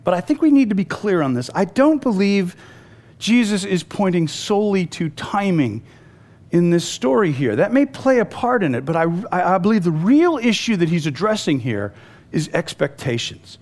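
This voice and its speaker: A male preacher giving a conversational sermon, telling stories with lively restarts and asides. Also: high-pitched, normal speed. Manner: conversational and animated, with frequent restarts and storytelling.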